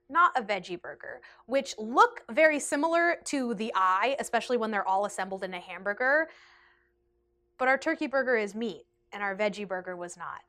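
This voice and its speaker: A young woman telling a restaurant story in a chatty storytime vlog, animated and peppered with "like". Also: fairly high pitch. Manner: chatty and animated, heavy use of like. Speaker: vlogger. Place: indoors, seated in a rotating chair.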